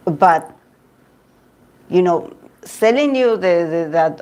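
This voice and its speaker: A woman host chatting casually about idol news, gossipy and quick to laugh, often restarting her sentences. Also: on the low side, expressive, darkish tone. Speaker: tarot reader and channel host. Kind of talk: casual chat reading live comments.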